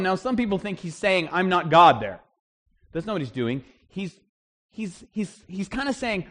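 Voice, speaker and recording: A man's voice: high voice, big pitch swings, unhurried, fairly bright tone. A man preaching a sermon at a church service in a conversational, emphatic way, reading scripture and then explaining it. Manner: conversational preaching, emphatic, acts out the people in the story. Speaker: pastor.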